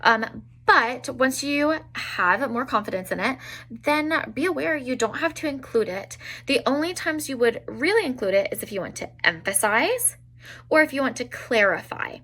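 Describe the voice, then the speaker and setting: A young woman with a bright, fairly high voice gives an online language lesson for beginners. She spells out each example slowly and carefully, with frequent fillers between them. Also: expressive. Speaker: Italian teacher.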